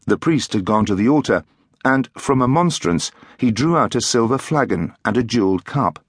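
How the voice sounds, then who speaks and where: A man narrating a mystery audiobook in an expressive, dramatic storytelling manner. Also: mid-range voice, moderate pace, breathy edge, dry recording, clean studio sound.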